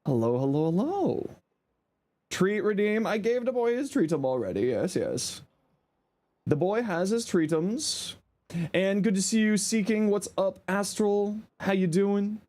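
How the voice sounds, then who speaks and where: A man streaming a game, chatting casually and playfully with viewers, a bit sleepy and slightly hoarse. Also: sits high, expressive, measured pace, darkish tone. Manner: playful, greeting viewers one by one; sleepy, laid-back. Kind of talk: casual live-stream chat.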